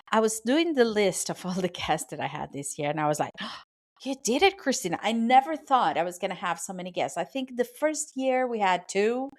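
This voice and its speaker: Woman podcast host, chatty, apologetic, lively swooping voice, soundproofed home studio mic. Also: fairly high pitch. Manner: animated, chatty, apologetic, trips over words. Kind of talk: solo podcast monologue. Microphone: studio microphone.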